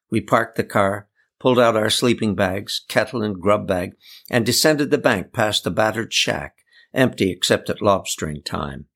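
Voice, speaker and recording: A man reading a first-person story aloud in a calm, descriptive way. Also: on the low side, vocal fry. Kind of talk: scripted first-person narration.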